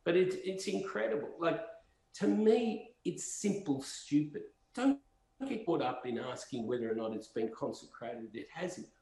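A man's voice: a little high, animated, moderate pace, creaky, mellow. A man as a podcast guest, telling rambling, impassioned stories in conversation. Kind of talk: storytelling conversation. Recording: roomy echo.

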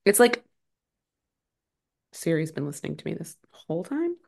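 A woman co-hosting a podcast, recapping a movie in casual chat with quick, sarcastic asides. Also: on the low side, gravelly. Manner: animated, sarcastic, fast recapping with many "like"s. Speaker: podcast co-host.

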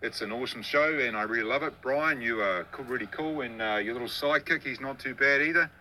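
New Zealand man leaving a bright voicemail. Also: medium pitch, fast talker, slight background noise, low-quality recording. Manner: friendly, chatty, teasing. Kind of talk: recorded voicemail message.

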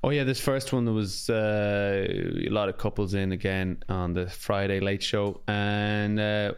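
A man's voice: on the low side, fairly even intonation, a little slow, clean tone. A man co-hosting a podcast, telling stories in an easygoing, chatty way. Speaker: podcast co-host. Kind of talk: casual chat.

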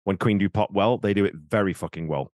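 A man co-hosts a casual podcast in a very low voice. He is blunt and swears freely, with a dry, teasing humour. His voice is recorded close and dry. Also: fairly quick, a little mellow, dry recording. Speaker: podcast co-host. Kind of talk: casual chat.

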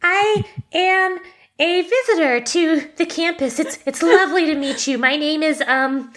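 A woman's voice: extremely high pitch, measured pace, a bit bright, voice pushed up. A woman voicing a bubbly young woman who poses as a campus visitor, chirpy and a little flustered.

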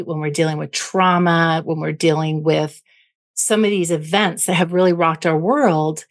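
A middle-aged woman with a slightly low voice talks as a guest psychologist. She explains ideas in a measured, patient way, in an interview setting. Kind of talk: podcast interview.

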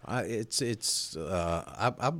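A man's voice: lowish voice, slow pace, a bit bright. A man co-hosting a comedy podcast, rambling and stammering in casual chat and laughing often. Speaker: podcast co-host.

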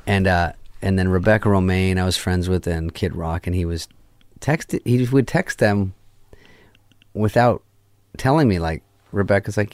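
A man's voice: deep voice, normal speed, no echo. A man, a film director on as a guest, telling a long story in a casual interview, swearing a lot and acting out the lines of the people in it. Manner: animated, profane, acts out quoted dialogue.

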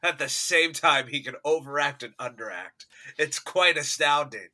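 Brief: lively podcast co-host, man, very bright and somewhat high, jumps around in pitch. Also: normal speed. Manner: animated, laughs often, mimics actors with loud outbursts. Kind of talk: casual movie review chat.

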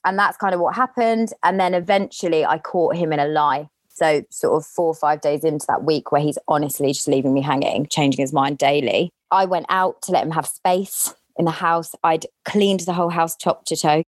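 A woman as a podcast guest, candidly telling a personal story in an animated way, acting out the lines she quotes. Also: low voice, moderate pace, few pauses, no echo.

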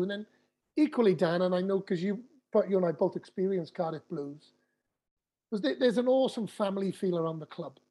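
A man's voice: high-pitched, dark tone. A man, a former pro rugby player chatting casually on a podcast and often restarting his sentences.

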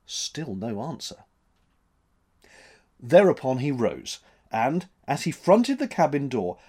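A man reading a story aloud as narrator, in an expressive, dramatic manner. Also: fairly high pitch.

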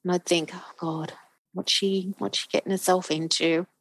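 A woman's voice: lowish voice, steady tone, normal speed, vocal fry, slightly rough, no echo, poor audio. A middle-aged woman, a guest telling her own story, acting out the voices of the people in it. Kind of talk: emotional personal storytelling.

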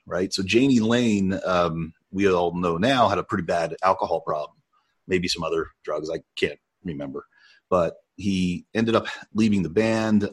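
Low, husky-voiced man telling stories. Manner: storytelling, animated, laughs often. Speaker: podcast co-host. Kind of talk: casual chat.

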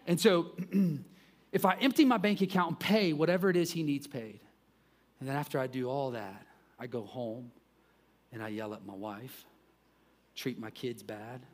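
A man in his thirties preaching a sermon as a pastor, with an ordinary middle-pitched voice. He talks to the congregation in a casual way, jumps up into loud emphatic bursts, then drops into quiet asides and light self-deprecating jokes.

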